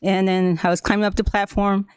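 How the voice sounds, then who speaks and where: Halting woman speaker, native Spanish speaker. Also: medium pitch, little pitch movement, clean tone, no room sound. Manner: halting, with frequent fillers and restarts; laughs often while telling a story. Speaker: school staff member addressing the board. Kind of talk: personal account at a public meeting.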